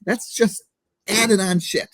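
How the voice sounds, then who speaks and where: Slow and steady in tone, a man with a high voice guests on a podcast, recorded without echo. He swears freely and speaks bluntly in casual interview talk, performing the voice of someone's inner critic.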